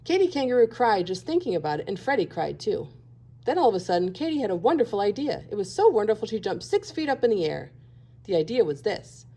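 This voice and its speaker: A woman teacher reading a children's picture book aloud with gentle expression. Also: mid-range voice, big pitch swings, quick pace. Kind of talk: children's storybook read-aloud.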